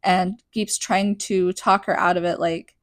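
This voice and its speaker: A woman's voice: fairly low pitch, steady tone, unhurried, dry recording. A young adult woman hosting a podcast, recapping a book in a chatty, sarcastic way full of "like". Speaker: podcast host.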